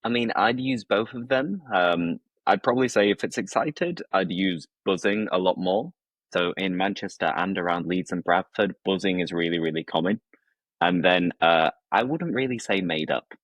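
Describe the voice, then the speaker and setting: A man with a Yorkshire accent, an English teacher hosting a casual conversation, explaining slang in a relaxed way with plenty of examples and fillers. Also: sits low, moderate pace, no room sound.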